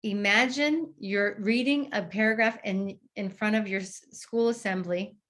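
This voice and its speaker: Woman calmly teaching a breathing exercise. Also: mid-range voice. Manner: explains step by step, models the exercise aloud with pauses. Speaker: clinician training therapists. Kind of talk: instructional demonstration.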